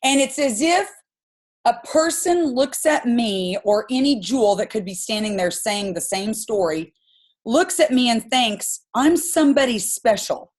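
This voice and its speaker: A woman's voice: on the high side, lively intonation, measured pace. A woman in her forties hosting a business team video call, telling a story in a chatty, enthusiastic, rambling way with plenty of fillers.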